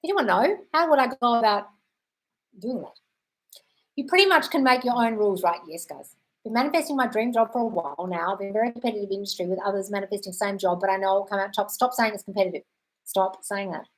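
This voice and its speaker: Speaking fast at a medium pitch, the Australian woman runs her laid-back live-stream Q&A. She reads comments aloud, responds conversationally, swears without restraint, and calls her viewers darling.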